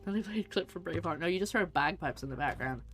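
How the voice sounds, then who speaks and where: Brief: Scottish woman gamer, low voice, rambling chat over faint music. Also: fast talker. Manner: rambling, animated storytelling. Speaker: streamer. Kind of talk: casual chat while gaming.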